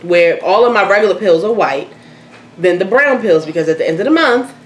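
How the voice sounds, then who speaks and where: A young woman telling a personal story in casual chat, candid and animated, swearing freely. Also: mid-range voice, a little fast. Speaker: host. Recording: echoey room, faint noise.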